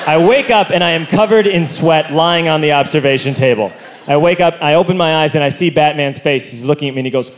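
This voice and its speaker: A man doing a stand-up comedy routine on stage, telling a self-mocking story with loud outbursts into a handheld mic. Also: a little high, fairly quick, background noise. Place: comedy stage before an audience. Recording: live comedy show with audience laughter.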